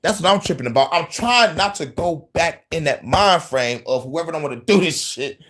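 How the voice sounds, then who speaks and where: A man's voice: a little high, expressive, moderate pace, fairly bright tone. A man hosting a casual news-commentary livestream, profane and heated, laughing often between angry riffs.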